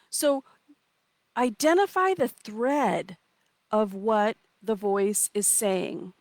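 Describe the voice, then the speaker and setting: A woman's voice: mid-range voice, very slow, no echo. A woman coaching a live online session from outdoors, playful and encouraging, reading out comments and acting out inner voices. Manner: warm, playful, reads out chat comments.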